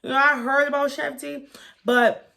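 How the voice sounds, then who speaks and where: A woman's voice: sits high, flat delivery, moderate pace, vocal fry, bright, forceful tone. A woman giving a candid, gossipy review of a reality show in a casual vlog, talking with lots of fillers and profanity.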